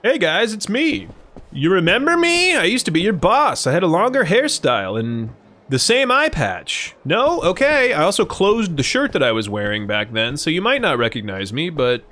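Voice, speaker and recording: A man voicing a brash, boastful former club boss with an eyepatch, raising his voice into a swaggering high register. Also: very animated, moderate pace, pushed and bright, exaggerated voice.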